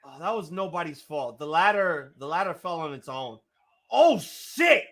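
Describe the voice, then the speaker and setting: A man hosting a live wrestling watch-along, reacting with excitable, profanity-laced outbursts while his voice gets strained. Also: fairly high pitch, a little fast. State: voice getting strained.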